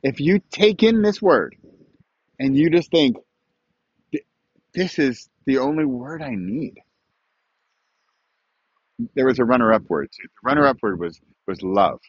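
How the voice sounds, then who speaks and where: Rambling man vlogging outdoors, lively pitch. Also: measured pace, pauses often, breathy edge, no room sound. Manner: rambling, self-amused, calls out to his dogs mid-thought. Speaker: author and online course creator. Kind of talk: casual walk-and-talk vlog. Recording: dry, slightly dull lo-fi audio.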